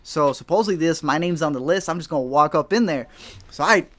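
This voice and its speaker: Man, podcast co-host, casual chat, slangy, excitable storyteller. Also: a little high, fairly quick. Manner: excitable, slangy, acts out dialogue in his stories.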